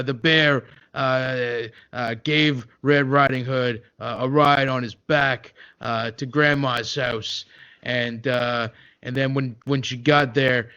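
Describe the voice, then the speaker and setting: A man voicing a gruff, boastful male metal singer telling a bedtime story to kids in a comedy podcast sketch. He talks dismissively and hesitantly, filling his speech with "uh" and "okay?". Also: medium pitch, fairly bright tone, dull audio.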